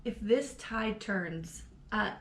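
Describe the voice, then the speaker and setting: A woman co-hosting a podcast, talking in a brash, excitable, heavily profane way in casual political chat. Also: mid-range voice, slow pace, a little hiss or hum. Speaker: podcast co-host. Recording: roomy echo.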